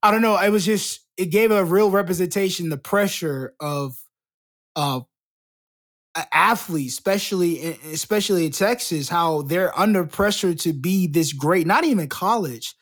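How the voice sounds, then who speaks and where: A man's voice: sits high, moderate pace, a bit bright. A young man from Florida co-hosting a casual podcast, talking in a loose, slangy way and laughing easily. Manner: laid-back slangy talk, laughs easily. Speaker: podcast co-host. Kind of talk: casual chat.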